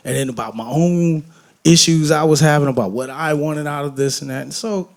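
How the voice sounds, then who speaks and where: A man from Detroit talking candidly on a festival stage, telling animated, profane, joking stories and acting out voices. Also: a little high, fairly quick. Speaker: guest musician on stage. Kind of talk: candid onstage conversation. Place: festival main stage before an audience.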